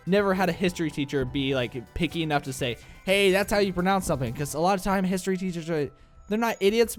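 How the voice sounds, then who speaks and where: A young Midwestern man with a fairly high-pitched voice and a Midwestern accent rambles through relaxed let's-play commentary, dropping lots of "uh"s. Allergies leave him sounding a little congested.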